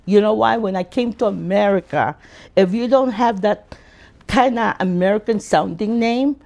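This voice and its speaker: A man, telling his life story as an interview guest in an animated way. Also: moderate pace, vocal fry. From Philippines. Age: 60s. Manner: animated, acts out quotes in high voices.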